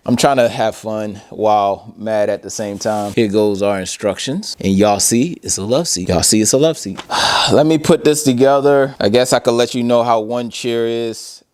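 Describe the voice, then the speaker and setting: Chatty man hosting a home review vlog. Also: lowish voice. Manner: chatty, addresses viewers directly, frequent "you guys" and "bro". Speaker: product review host. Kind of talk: casual unboxing vlog. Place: at home, unboxing furniture.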